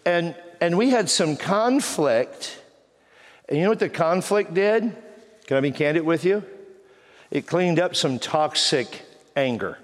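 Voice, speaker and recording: A man's voice: a little high, a little slow. A middle-aged man from Texas, preaching a humorous sermon and telling stories with teasing energy. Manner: animated, teasing storyteller acting out quoted voices. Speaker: pastor. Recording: reverberant hall.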